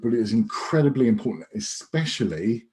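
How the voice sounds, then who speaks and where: A British sales trainer leads an online sales masterclass over a video call, speaking conversationally and with emphasis, often restarting and using fillers. His medium-pitched voice is very animated and brisk, with a darkish tone.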